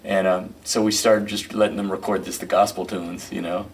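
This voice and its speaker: A middle-aged male musician and producer, a guest in an interview, who tells stories in a rambling, animated way with plenty of fillers. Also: deep voice, moderate pace. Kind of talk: casual storytelling interview. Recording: distant mic with faint noise.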